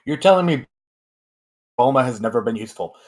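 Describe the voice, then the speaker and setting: A man co-hosting a podcast in casual chat, animated and joking, often slipping into quick impressions. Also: medium pitch. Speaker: podcast co-host.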